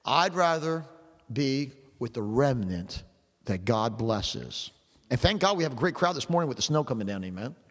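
A man's voice: medium pitch, big pitch swings, moderate pace, fairly bright tone. A male preacher delivering a sermon with an emphatic, repetitive preaching cadence. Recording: long hall reverb.

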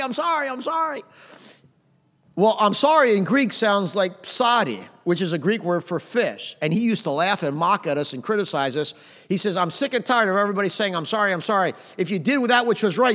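A middle-aged man preaching a sermon in a conversational way, punching out phrases loudly and adding "amen". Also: a little high. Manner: conversational preaching with sudden loud emphatic phrases and frequent "amen". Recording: long hall reverb.

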